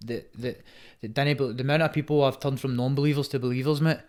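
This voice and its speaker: A man's voice: medium pitch, steady tone, fast, a little mellow. A man with a Scottish accent, a fighter as a podcast guest, talking bluntly and emphatically in casual chat, swearing a lot and calling the host "mate" after nearly every phrase. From Scotland. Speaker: guest, Muay Thai fighter.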